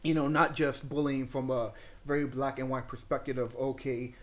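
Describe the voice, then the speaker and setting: A young man co-hosting a casual podcast, talking at an ordinary pitch. He retells film scenes with excitement and plenty of swearing, dropping into the characters' voices as he goes. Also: normal speed. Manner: excited, profane, acts out characters' lines. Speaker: podcast co-host. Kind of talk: casual movie review chat.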